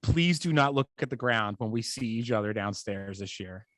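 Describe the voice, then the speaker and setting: A man's voice: on the low side, normal speed, fairly bright tone, dry recording. Podcast co-host: man, Boston accent, teasing banter, dry close-miked sound. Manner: joking, teasing. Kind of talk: casual chat.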